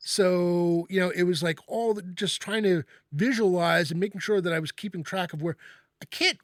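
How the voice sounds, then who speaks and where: A man with a slightly raised voice leads a casual chat. He talks in halting bursts, repeating words and restarting sentences. The sound is dry, with no room echo. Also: sits high. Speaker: host.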